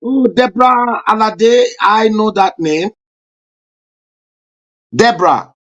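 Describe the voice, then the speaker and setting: A man hosting a live-stream talk show, giving fervent political commentary with sudden loud rising bursts. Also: sits high, takes it slowly, lo-fi sound. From Nigeria.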